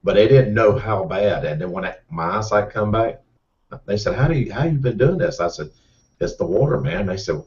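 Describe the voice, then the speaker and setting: A middle-aged race car driver, telling a rambling, folksy story with repeated words. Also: male voice, fairly low pitch, animated, moderate pace, a little mellow. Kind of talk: casual storytelling. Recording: distant, muffled mic.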